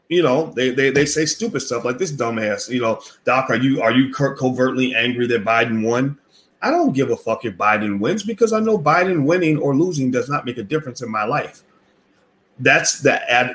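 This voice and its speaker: A man's voice: medium pitch, fairly bright tone. Man, finance commentator, confrontational rant, profane, repetitive, rhetorical challenges. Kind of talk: direct-to-camera opinion rant.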